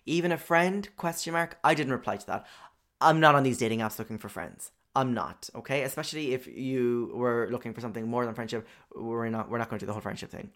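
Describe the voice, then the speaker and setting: A man's voice: mid-range voice, quick pace, a bit bright. A young man casually telling a personal story, chatty and profane, with lots of filler words.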